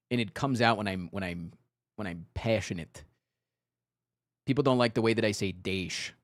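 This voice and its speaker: A man's voice: fairly low pitch, fairly bright tone, no echo, studio quality. A young man from Virginia chatting casually on a live stream, joking and swearing, slipping into mock-indignant rants.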